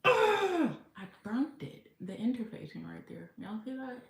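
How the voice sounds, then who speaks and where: A woman's voice: mid-range voice, moderate pace, vocal fry, warm tone. A woman hosting a casual sewing livestream, chatting to herself and reading viewer comments aloud as she works. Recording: echoey room with faint noise.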